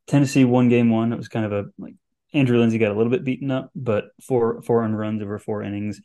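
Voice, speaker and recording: A man's voice: medium pitch, steady tone, fast, mellow. A man co-hosting a college baseball podcast in casual chat, with a rambling flow full of "like.". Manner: rambling, many "like" fillers. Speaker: podcast co-host.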